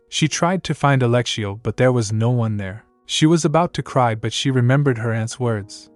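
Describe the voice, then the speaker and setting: A man's voice: mid-range voice, moderate pace, few pauses, no room sound. Male recap narrator, mid-range voice, dry close sound, faint music under.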